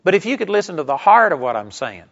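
A man's voice: high voice, sing-song, fast, creaky, fairly bright tone, lo-fi sound. A man preaching a sermon for radio with an emphatic, repetitive cadence.

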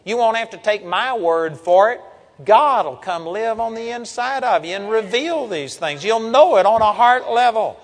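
A man's voice: sits high, expressive, normal speed, in a large hall. An older man preaching a sermon in an earnest, folksy way, reading Bible verses aloud.

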